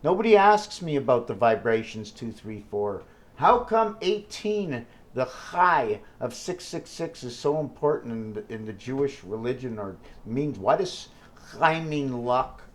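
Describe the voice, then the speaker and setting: A man talking straight to the camera in a loose, rambling vlog. He thinks aloud and jumps from number games to wordplay, full of fillers and questions to himself. His pitch sits in an ordinary middle range. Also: very animated, measured pace. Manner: free-associating, jumps between numbers and wordplay. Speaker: vlogger. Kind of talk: rambling solo vlog monologue.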